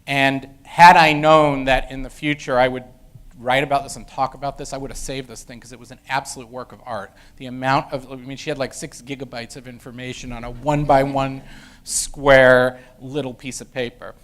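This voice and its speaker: A man's voice: medium pitch, flat delivery, normal speed, fairly bright tone. A middle-aged man, an education professor, telling a story from his teaching days in a casual lecture style with many fillers and restarts. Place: university lecture room.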